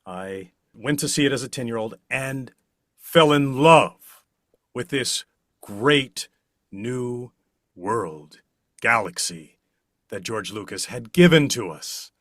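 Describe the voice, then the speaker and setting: A middle-aged man answering interview questions in an unhurried, expressive way, leaning hard on key words. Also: medium pitch, dry recording, clean studio sound. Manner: slow, expressive, with big swells on key words. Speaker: interview guest, voice actor.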